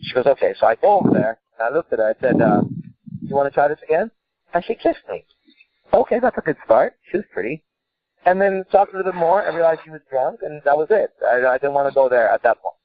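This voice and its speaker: A man's voice: fairly high pitch, very animated, fast talker, dry recording. A man co-hosting a call-in podcast, telling a story in an intense, profane, emphatic way. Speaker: podcast co-host. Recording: tinny phone-like sound.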